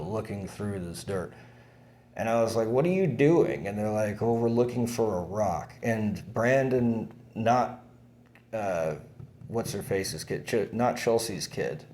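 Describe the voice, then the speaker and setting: A man's voice: deep voice, a little mellow, slight background noise. A young man telling a long personal story in a rambling, profane way, full of fillers and restarts. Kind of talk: casual monologue recounting events.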